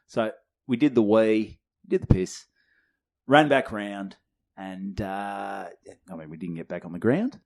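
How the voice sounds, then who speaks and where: A man's voice: lowish voice, a little slow. A man in his twenties with an Australian accent, co-hosting a comedy podcast and telling a rowdy story full of swearing and acted-out voices. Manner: animated, swears freely, acts out others' lines. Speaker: podcast co-host.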